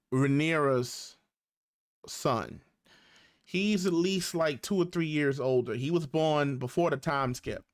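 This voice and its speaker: A man casually recapping a TV episode, loose and slangy, with lots of fillers and acted-out quotes. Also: a little high. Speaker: YouTube reviewer.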